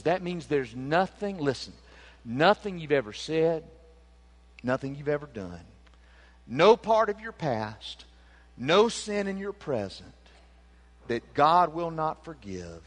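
A man preaching a sermon as pastor, fervent and emphatic, rising to near-shouting in his excitement. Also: on the high side, unhurried.

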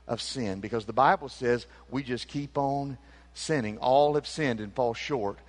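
A man preaching a sermon as pastor, fervent and emphatic, rising to near-shouting in his excitement. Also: mid-range voice, measured pace.

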